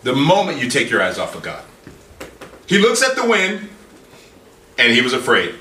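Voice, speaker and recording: Animated preacher man, echoey and distant. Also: mid-range voice, moderate pace, a little hiss or hum. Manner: animated, quoting scripture in dramatic voices. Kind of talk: sermon. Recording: echoey room from far off with faint ambience.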